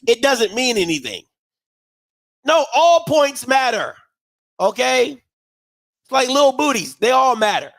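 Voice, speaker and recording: A man's voice: very high voice, fairly bright tone, no room sound. A man hosting a live watch party, reacting heatedly to a football game and arguing with his chat. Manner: heated, ranting, swears, mocks chat.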